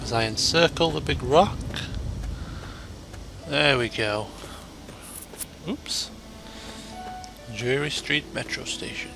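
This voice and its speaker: A man with a gravelly voice giving excitable let's play commentary, dropping to mutters and then bursting into shouts, with game music behind. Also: medium pitch, takes it slowly, pauses often. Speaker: gamer. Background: game music and sound effects.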